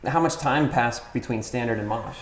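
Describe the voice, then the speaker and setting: A man's voice: medium pitch, normal speed. A man hosting a casual podcast interview, asking loose, rambling questions. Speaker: podcast host. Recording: echoey room.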